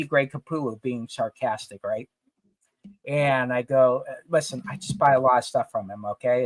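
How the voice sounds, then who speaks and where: A man co-hosting a casual podcast, telling stories in an emphatic, animated way. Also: medium pitch, dry recording. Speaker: podcast co-host, comic retailer. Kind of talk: casual chat.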